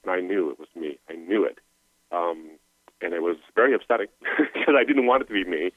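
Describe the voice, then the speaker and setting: A man's voice: deep voice, a little fast, no echo. A middle-aged man telling his personal story as a guest, earnest and emotional, over a tinny phone line. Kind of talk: personal testimony.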